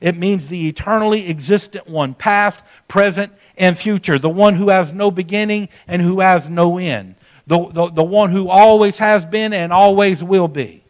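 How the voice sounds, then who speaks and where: Emphatic male preacher, higher voice. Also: moderate pace. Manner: emphatic preaching with sudden drops to a soft voice; folksy, conversational storytelling. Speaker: pastor. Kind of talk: sermon.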